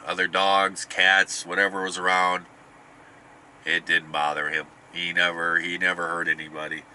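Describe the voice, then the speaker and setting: A man's voice: low voice, flat delivery, moderate pace, bright, forceful tone, a little hiss or hum. A middle-aged man casually telling a rambling family story, often restarting and chuckling. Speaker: podcast host.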